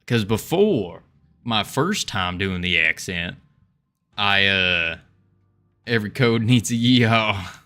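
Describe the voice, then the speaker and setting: Slow, bright-voiced male game dev streamer. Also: fairly low pitch, soft background music. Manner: chuckles often, relaxed and rambling. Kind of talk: casual livestream chat, reading chat aloud.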